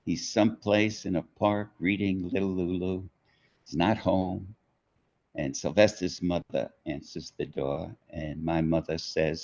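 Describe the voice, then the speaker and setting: An older man tells a childhood story in an interview. He speaks slowly in a very low voice and acts out the people he quotes. The audio is dull and lo-fi. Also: steady tone, a little mellow. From New York. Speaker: author being interviewed.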